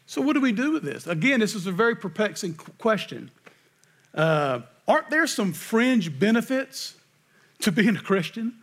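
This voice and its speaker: Man, high voice, pastor, earnest sermon, scripture reading. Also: sing-song, normal speed, a bit bright. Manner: earnest preaching, reads scripture aloud, rhetorical questions.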